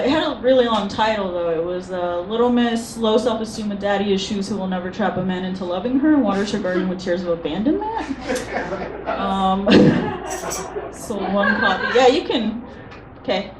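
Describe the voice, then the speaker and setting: A woman in her twenties doing a stand-up comedy set, self-deprecating and hesitant with many ums. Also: mid-range voice. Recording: roomy venue from a distance, noisy.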